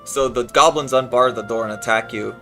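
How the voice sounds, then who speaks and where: A man's voice: mid-range voice, fairly even intonation, a little fast, pushed and bright, soft background music. A man streaming a game, chatting casually and ad-libbing jokes over it. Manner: jokey, ad-libbing, breaks into laughter. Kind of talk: casual gaming stream chat.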